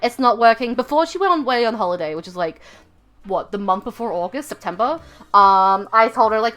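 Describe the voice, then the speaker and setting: A young woman livestreaming from home, telling a rambling story full of fillers and self-corrections in a chatty, expressive way. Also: on the high side, brisk. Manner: chatty and expressive, laughing at her own story. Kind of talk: casual livestream chat.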